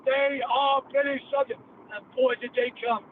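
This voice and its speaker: A brash, profane Cockney man hosting a podcast, telling his stories in a loose, rambling way. His voice sits very high. The sound is thin and phone-like, with a faint hiss underneath. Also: little pitch movement, normal speed. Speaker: podcast host.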